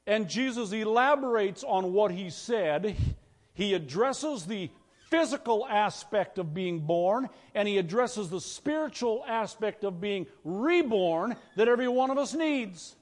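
A man's voice: high voice, animated, measured pace. A man preaching a sermon as pastor, talking conversationally and putting questions to the congregation. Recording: long reverb of a church hall.

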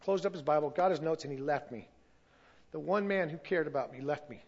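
A man's voice: on the high side, brisk, darkish tone, highs cut off. A middle-aged man giving a personal testimony at a church service, earnest and emotional, sometimes losing his place.

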